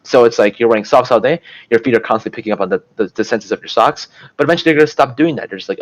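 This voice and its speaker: A young man talks through study material in a loose, conversational lecture. His voice sits a little low and the words tumble out quickly. He leans on filler words and often starts a sentence over. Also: muffled recording. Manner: rambling, filler-heavy, restarts often. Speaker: student tutor. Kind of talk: casual lecture to camera.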